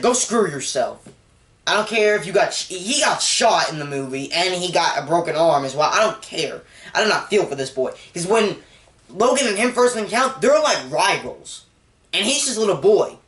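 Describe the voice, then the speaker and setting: Young male reviewer with a somewhat high voice, recapping a movie casually and getting excited, recorded in a roomy space. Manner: excitable, with sudden jumps in pitch and volume. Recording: echoey room.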